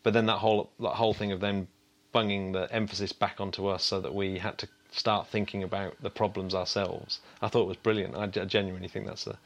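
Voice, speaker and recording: Stammering man, low voice. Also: little pitch movement, a little fast, gravelly, a bit bright. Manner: stammering restarts, chuckling, enthusiastic. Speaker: podcast co-host. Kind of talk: casual chat.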